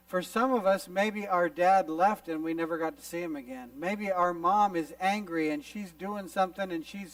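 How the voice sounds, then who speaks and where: High-voiced, animated male youth preacher. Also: no echo, far from the mic, poor audio. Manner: animated storyteller who acts out little scenes. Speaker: youth conference speaker. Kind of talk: youth sermon with visual illustrations. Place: camp meeting hall.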